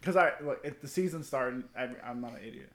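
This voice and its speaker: Male podcast host, mid-pitched, casual and swearing, roomy echo. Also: fairly quick, fairly bright tone. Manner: laid-back, swears freely, laughs while telling stories. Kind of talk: casual chat.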